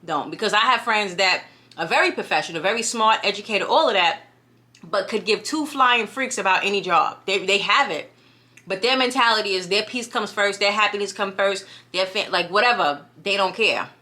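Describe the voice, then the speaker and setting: A young woman vlogger with a clear New York accent chats casually and animatedly to her camera in a bright, forward, mid-range voice. She talks briskly and keeps checking in with "you know what I mean?"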